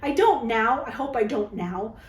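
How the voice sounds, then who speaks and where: A woman's voice: on the high side, lively intonation, unhurried, roomy sound, rough recording. A woman vlogger telling a personal story to camera in a candid, dramatic, chatty way, often tagging her lines with "okay?". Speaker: vlogger telling dating stories.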